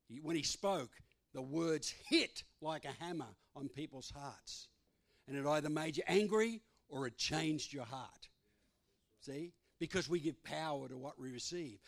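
Emphatic preacher, man. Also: fairly high pitch. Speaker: pastor. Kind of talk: sermon.

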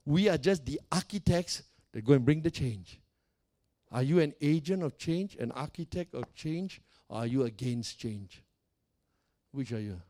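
A man's voice: mid-range voice, expressive, a little slow, mellow. A male pastor preaching a sermon, emphatic and repetitive, putting direct questions to his congregation.

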